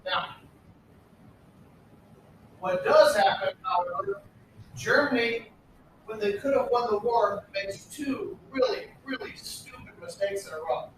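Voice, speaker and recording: High-voiced teacher lecturing in an echoey classroom. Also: male voice, lively intonation, measured pace, pauses often. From United States. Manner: casual, blunt, with sarcastic asides. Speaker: history teacher. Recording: very echoey room, distant, faint background noise.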